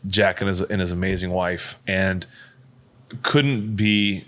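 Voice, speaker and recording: Man, low-pitched, casual podcast chat, rambling, full of fillers. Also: little pitch movement, takes it slowly, a bit bright. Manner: rambling, many fillers and restarts. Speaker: podcast co-host.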